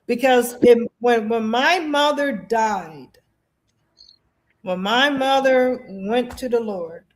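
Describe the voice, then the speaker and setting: A woman, a veteran guest, earnestly sharing personal stories in an animated way, often restarting her sentences. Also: fairly high pitch, slow. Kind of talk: casual personal storytelling.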